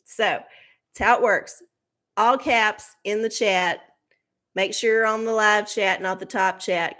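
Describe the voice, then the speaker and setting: A woman's voice: medium pitch, fairly bright tone. A woman hosting a live tarot stream, chatting casually with her viewers, swearing freely and laughing often, from her home setup under studio lights. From Texas.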